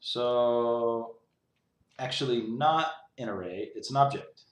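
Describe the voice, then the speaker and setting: A man's voice: mid-range voice, slow. A young man with a mid-range voice talks through his code in a loose, rambling way, peppering everything with "like." He sounds exasperated. The recording carries a noticeable roomy echo. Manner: exasperated, rambling, heavy use of "like". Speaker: programmer streaming his coding. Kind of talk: casual talk-through while coding.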